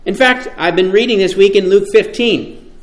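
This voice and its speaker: A man preaching a sermon, emphatic and animated, often asking his listeners rhetorical questions. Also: sits high, normal speed, reverberant.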